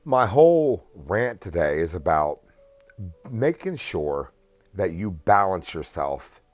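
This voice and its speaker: Guy with a lowish voice rambling through an earnest rant, dry close sound, little music underneath. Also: no room sound. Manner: earnest, rambling, repeats and restarts phrases. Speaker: vlogger. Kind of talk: casual advice rant.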